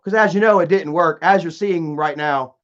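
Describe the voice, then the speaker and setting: Rambling high-voiced man streaming, lo-fi. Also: moderate pace, fairly bright tone. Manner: rambling, repetitive, stumbles and restarts, reads out viewer comments. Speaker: live streamer reading chat. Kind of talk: casual live stream chat. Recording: dull lo-fi stream audio.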